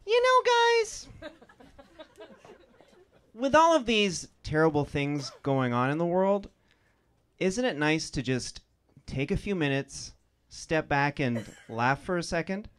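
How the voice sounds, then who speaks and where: A man, opening a stand-up set outdoors with a deadpan list of grim things. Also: on the high side, a little slow. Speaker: stand-up comic. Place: outdoor alleyway stage.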